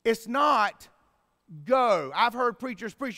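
A man preaching a sermon as pastor, swinging from quiet explaining to loud emphatic bursts. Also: very high-pitched, animated, slow pace. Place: church sanctuary. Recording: long reverb in a church hall.

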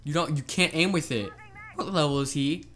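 A man giving casual, excitable gameplay commentary, laughing and swearing as he plays. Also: fairly high pitch, moderate pace. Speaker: gaming video host.

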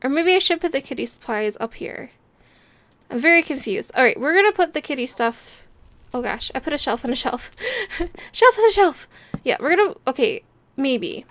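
A woman's voice: high-pitched, expressive, fairly quick, a bit bright. A young woman chatting playfully as she plays a building game and talks her viewers through it, laughing often. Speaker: gameplay video host. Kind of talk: casual game commentary.

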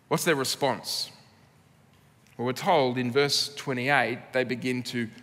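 A man's voice: medium pitch, fairly bright tone. An Australian man preaching a sermon as pastor, earnest and laced with dry humour. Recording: long reverb of a church hall.

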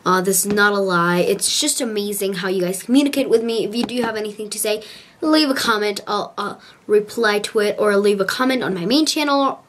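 A young woman sits in a parked car chatting casually for her vlog, gushing and rambling into a handheld compact camera. Her voice is medium-pitched, and there's a slight hiss or hum on the recording.

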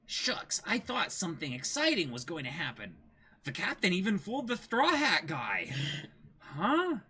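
A man's voice: high-pitched, wildly swooping pitch, normal speed, pushed and bright, breathy edge, full character voice. A man voicing a disappointed little village boy, sulky and plain, in a dramatic comic reading.

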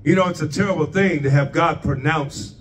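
A man's voice: fairly high pitch, a little fast, distant mic, slight background noise. A man preaching a sermon, asking the congregation rhetorical questions and drawing their responses.

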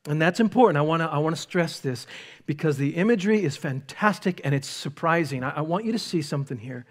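A man preaching a sermon as pastor, speaking emphatically with dramatic pauses and rising intensity. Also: on the high side, lively intonation. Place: church sanctuary.

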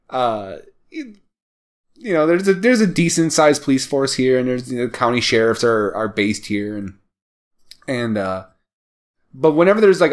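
A man co-hosting a podcast, chatting casually about a film, rambling with many fillers and frequent laughter. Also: medium pitch. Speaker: podcast co-host. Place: small town.

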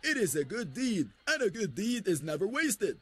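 A man voicing a kindly but bossy village elder in a dubbed cartoon, speaking loudly and declaiming. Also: high voice, big pitch swings, moderate pace, slightly rough, full character voice. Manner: loud, declamatory.

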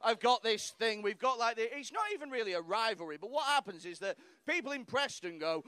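A man's voice: very high-pitched, animated, a little fast, hardly any pauses, bright, forceful tone, smooth, no echo. A man doing stand-up crowd work on a club stage, brash and crude, mocking hecklers with lots of swearing. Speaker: stand-up comedian.

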